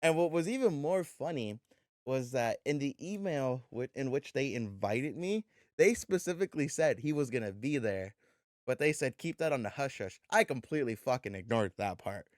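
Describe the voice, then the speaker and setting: A man co-hosting a podcast, telling a story in a loose, animated way, swearing freely and acting out the dialogue. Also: medium pitch, moderate pace, no echo, studio quality. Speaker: podcast co-host. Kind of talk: casual storytelling chat.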